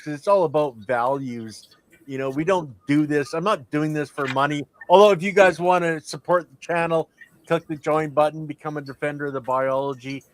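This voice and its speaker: A laid-back man hosts a casual livestream chat. His voice sits a little high for a man, and he talks in loose, friendly bursts. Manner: laid-back, chatty, thanks guests and plugs the channel. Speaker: host.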